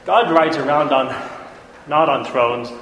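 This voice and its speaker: Male lecturer, slightly high voice, casual and chatty, keeps asking "right?"; echoey hall, faint room noise. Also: measured pace, fairly bright tone. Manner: chatty, checks in often with "right?". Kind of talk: informal classroom lecture.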